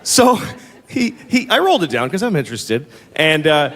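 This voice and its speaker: Loud, mocking stand-up comic man. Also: big pitch swings, moderate pace, a little hiss or hum. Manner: loud bursts of exasperated, mocking delivery with sudden high shouts. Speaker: stand-up comedian. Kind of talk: stand-up comedy set. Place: large venue with a live audience. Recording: live hall recording with long reverb.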